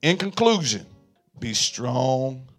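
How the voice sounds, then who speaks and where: A male pastor preaching a sermon in a call-and-response style, swinging from quiet murmurs to fervent shouts. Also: mid-range voice, very animated, slow pace, faint music behind.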